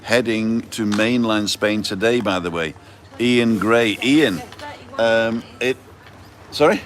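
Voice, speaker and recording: A man with a lowish voice hosting a casual live stream outdoors. He chats and explains things step by step. Traffic and street noise come through clearly behind him. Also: slow. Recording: street noise and passing vehicles.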